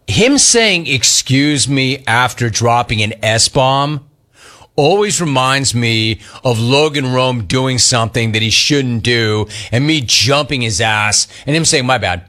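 A man hosting a sports talk radio show, ribbing his co-hosts with emphatic, animated banter and repeated catchphrases. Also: mid-range voice, slow pace. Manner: emphatic, mocking and animated, repeats phrases for effect.

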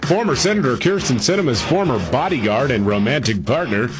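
A man's voice: mid-range voice, expressive, brisk, over music. A man co-hosting a radio show, running through the day's news with chuckles and frequent fillers. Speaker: radio co-host reading news. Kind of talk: news rundown with banter.

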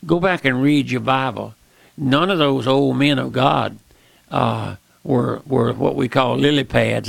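A man's voice: medium pitch, unhurried, gravelly, dry recording. An older man, preaching an emphatic old-time sermon that repeats phrases and rises to cries.

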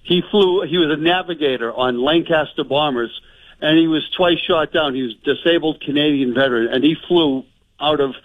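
A man talking on a call-in show, rambling with an indignant edge. His voice is slightly high and sounds thin and phone-like. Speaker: caller. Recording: tinny phone line.

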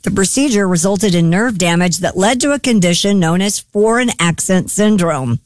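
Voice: medium pitch, expressive, moderate pace, a little hiss or hum. A radio show regular reading odd news items aloud and chatting about them between headlines. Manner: reads headlines then chats. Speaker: news segment reader on a show.

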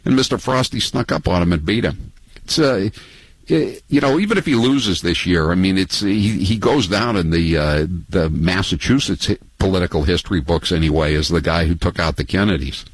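A man's voice: deep voice, moderate pace, husky, dry recording, poor audio. A man hosting a call-in radio show, telling rambling, mocking stories between callers. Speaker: talk radio host. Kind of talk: casual call-in radio chat.

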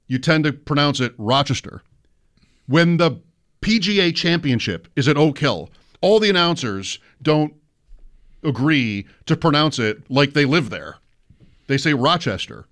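A man co-hosting a sports radio show, wry and quick to get worked up over small gripes. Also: on the high side, very animated, fairly bright tone.

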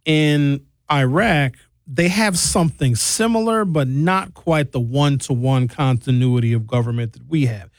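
A man's voice: mid-range voice, a little slow, no room sound. A man giving a blunt, sarcastic comedic political rant.

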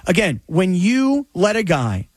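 Blunt, emphatic high-voiced man. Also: huge pitch swings, measured pace, dry recording. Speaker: sports talk co-host. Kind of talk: casual sports debate.

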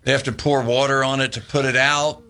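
A man in his sixties, a former baseball player, telling animated anecdotes in a casual interview and laughing often. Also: mid-range voice, a little fast, vocal fry.

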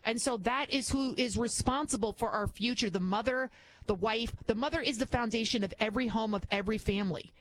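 A woman's voice: fairly high pitch, brisk, slight background noise, poor audio. A middle-aged woman filling in as a talk radio host, delivering a blunt, emphatic, opinionated monologue. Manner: blunt and emphatic, acts out voices in anecdotes.

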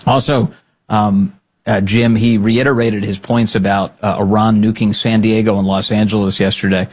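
A man hosting a political podcast, talking in a sarcastic, animated way and often laughing at the clips he plays. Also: on the low side, moderate pace, husky. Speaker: podcast host. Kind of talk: political commentary.

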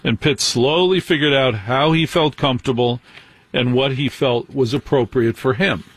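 A man's voice: mid-range voice, moderate pace, slightly rough, dry recording. A man giving sarcastic celebrity gossip commentary as a host, with mocking, scornful asides.

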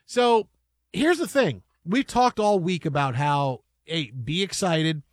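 A man's voice: a little high, lively intonation, slow pace, no room sound, studio quality. Chatty man hosting sports talk. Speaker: sports show host.

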